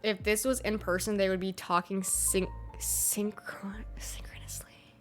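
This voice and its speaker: A woman's voice: mid-range voice, flat delivery, normal speed, faint music behind. Chatty young American woman streamer. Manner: chatty, laughs often, swears casually. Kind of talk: casual chat with live chat.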